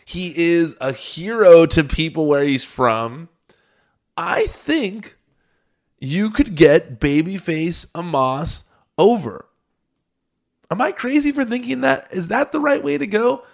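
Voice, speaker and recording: A man's voice: high-pitched, expressive, takes it slowly, vocal fry. A man hosting a solo podcast, giving chatty, opinionated commentary with many restarts and fillers. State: hiccups. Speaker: podcast host.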